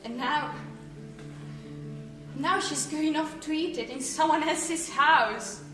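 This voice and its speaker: A woman acting a wistful mother of the bride on stage, halting and repeating herself. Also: high-pitched. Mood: tearful. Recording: echoey stage audio with music.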